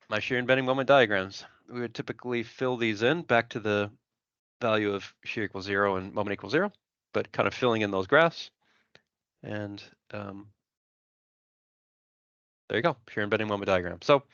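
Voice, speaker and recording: A man's voice: mid-range voice, a little fast, pauses often, a bit bright, clean tone, dry recording, lo-fi sound. Methodical man talking through an example. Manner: methodical, thinks aloud while sketching, frequent "right?" and "so". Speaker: engineering instructor. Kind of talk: screen-recorded lecture, working through an example.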